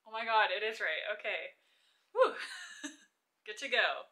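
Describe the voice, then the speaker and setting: A woman's voice: medium pitch, brisk, bright, forceful tone, soft background music. A young woman vlogging casually as she crochets, chatty and self-deprecating, laughing often and counting stitches under her breath.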